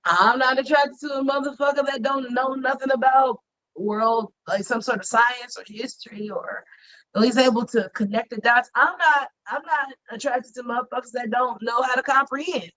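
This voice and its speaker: A woman's voice: high voice, steady tone, moderate pace, a bit bright, low-quality recording. A woman co-hosting a casual gossip podcast, blunt and profane as she rants. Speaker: podcast co-host.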